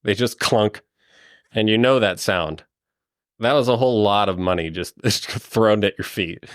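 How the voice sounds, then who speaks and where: A man's voice: on the low side, a little slow, smooth, dry recording, clean studio sound. A man narrating a tabletop role-playing game as game master, rambling and chuckling as he describes scenes.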